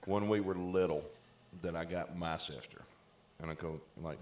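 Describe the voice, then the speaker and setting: A man's voice: sits low, moderate pace, roomy sound. A man co-hosting a casual chat podcast, telling long rambling stories full of "like" fillers. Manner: rambling storyteller, many "like" fillers. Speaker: podcast co-host.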